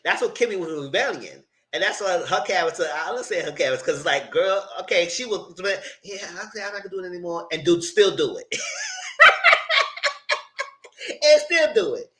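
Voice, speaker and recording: A man with a high, swooping voice that jumps all over its range recaps reality TV live. He is blunt and profane and laughs often as he talks. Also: very animated, quick pace, hardly any pauses, a bit bright. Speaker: channel host reviewing reality TV. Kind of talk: casual live recap commentary.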